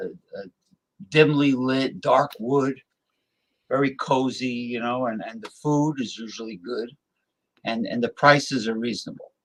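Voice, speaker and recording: A man talking casually from his home desktop, rambling with many restarts. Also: mid-range voice. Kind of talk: casual chat. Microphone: desktop computer mic.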